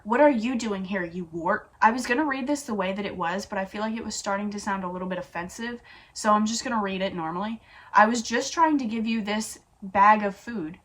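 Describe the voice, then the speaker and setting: A woman reading a fan-written story aloud, pausing now and then for casual comments of her own. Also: medium pitch. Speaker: fanfiction reader.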